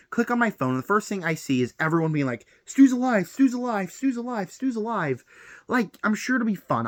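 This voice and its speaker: A man's voice: on the high side, dry recording, clean studio sound. A young man ranting on a film vlog, heated and exasperated, piling up rhetorical questions. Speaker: film vlogger.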